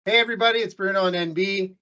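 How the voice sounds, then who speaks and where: Man, podcast host, chatty and jokey, fairly high voice, dull lo-fi sound. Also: fairly even intonation, racing, loud music behind the voice. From Canada. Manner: chatty storyteller, jokey, many restarts. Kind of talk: casual business interview chat.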